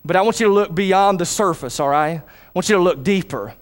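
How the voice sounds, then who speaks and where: High-voiced man preaching a sermon. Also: a little fast. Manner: calls for responses from the congregation. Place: church with a congregation.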